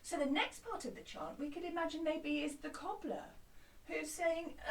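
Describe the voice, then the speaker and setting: A woman music teacher giving a lively, encouraging lesson to young children, chanting along with them. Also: high-pitched, moderate pace, distant mic. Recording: roomy, from off mic.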